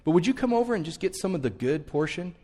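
Pastor putting on a gentle Jesus, soft and reassuring, slightly higher, quiet, church reverb. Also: male voice, big pitch swings, fast talker. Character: gentle, calming male Jesus.

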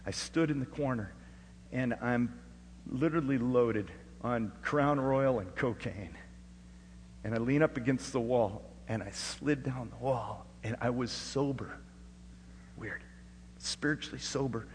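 Middle-aged pastor preaching in a hall. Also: male voice, mid-range voice, measured pace, a little hiss or hum. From Alaska. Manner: swings from hushed storytelling to loud, rising preaching. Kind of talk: sermon with personal testimony.

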